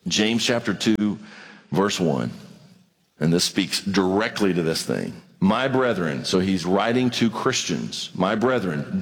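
A man preaching a sermon as pastor, animated, acting out little conversations with rises and drops in his voice. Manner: animated preaching, acts out dialogue, pitch swings widely. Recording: long reverb of a large hall.

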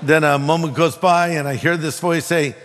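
A man preaching to a congregation in a fairly high voice that carries a long hall echo. He tells stories with animated swings in pitch and acts out the other person's lines. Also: moderate pace, slight background noise. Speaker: pastor. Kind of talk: sermon with storytelling.

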